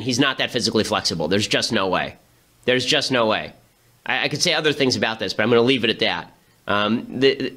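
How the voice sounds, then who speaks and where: A man hosting a political commentary show, talking fast with sarcastic, incredulous asides. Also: mid-range voice, sharp tone. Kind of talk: rapid political commentary monologue.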